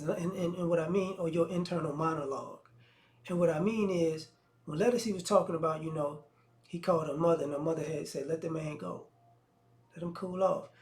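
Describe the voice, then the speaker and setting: A man hosting his own channel, giving relaxed, conversational commentary full of slang and restarts. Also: on the high side. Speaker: channel host. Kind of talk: casual video commentary.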